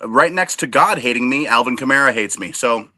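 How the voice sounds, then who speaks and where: A man's voice: medium pitch, lively intonation, fairly quick, bright, forceful tone, slight background noise. A man co-hosting a casual sports podcast, cracking dry self-deprecating jokes. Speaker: co-host.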